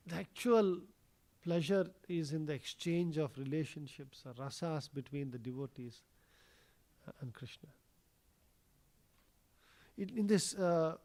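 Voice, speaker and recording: A man gives a scripture class at a temple. He tells the story conversationally, often pausing on a "you know" or an "uh". His voice rises and falls as the story builds. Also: a little high. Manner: storytelling, conversational with many fillers. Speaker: temple speaker. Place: temple hall.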